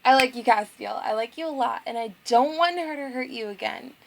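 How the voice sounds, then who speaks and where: A woman's voice: on the high side, fairly quick, gravelly, a little hiss or hum, rough recording. A woman voicing a desperate teenage girl heroine from a dating game, reading her lines in a pleading way. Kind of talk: reading game dialogue aloud.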